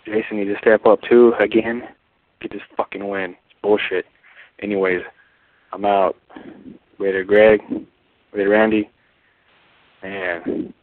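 A man leaving a fan message by phone, terse, gruff and swearing. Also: lowish voice, no room sound. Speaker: caller. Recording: dry phone line.

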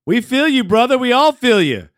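A man hosting a sports call-in show, energetic and friendly, calling his callers brother. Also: very high-pitched, moderate pace. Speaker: sports talk show host. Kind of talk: podcast sports talk.

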